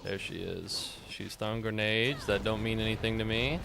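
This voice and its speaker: Excitable gravelly-voiced man streaming a game. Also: lowish voice, normal speed, a little hiss or hum. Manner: excitable, swears, jokes at the game. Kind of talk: casual gameplay commentary.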